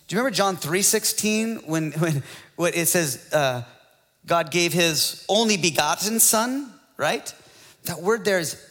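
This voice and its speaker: A male pastor preaching a sermon, building to excited rhetorical questions and calls to the congregation. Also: a little high, big-room sound.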